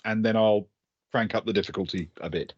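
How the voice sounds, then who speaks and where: A man's voice: fairly low pitch, steady tone, fairly quick, muffled recording, a little hiss or hum. A man narrating as game master of a tabletop game, chuckling and hesitating with many fillers.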